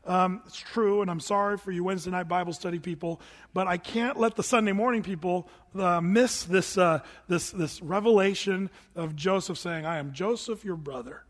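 A man preaching a sermon as pastor, animated and acting out voices with big pitch jumps. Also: normal speed, in a large hall.

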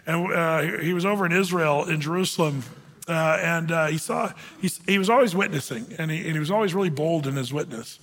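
A man preaching a conversational sermon, with many fillers and slow scripture readings. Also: on the high side, a bit bright, big-room sound. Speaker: pastor.

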